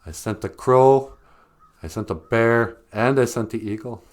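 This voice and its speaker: A man's voice: medium pitch, a little slow, lightly acted. A great spirit who sounds like an ordinary, exasperated man, as a storyteller voices him. He speaks plainly and matter-of-factly, close to the teller's own voice.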